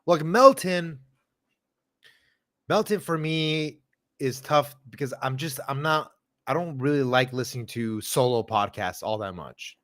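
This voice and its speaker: A man who is a comedian guest on a casual podcast, animated and slangy, mocking what he dislikes. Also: mid-range voice, unhurried.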